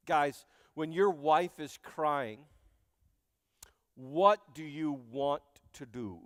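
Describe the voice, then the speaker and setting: A man preaching a sermon as pastor, animated and joking, speaking straight to his congregation in a church. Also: on the high side, drawn-out words, pauses often, dry recording, clean studio sound, big-room sound. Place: church sanctuary.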